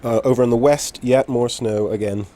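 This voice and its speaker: A man presenting the snow forecast in a relaxed, casual way, with a few "uh"s. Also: mid-range voice, normal speed. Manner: relaxed, filler-heavy delivery.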